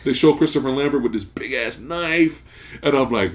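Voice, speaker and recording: A man hosting a podcast, casually recapping a movie plot as an animated storyteller who swears freely. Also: medium pitch, moderate pace. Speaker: podcast host. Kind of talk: casual movie review chat. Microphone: studio podcast mic.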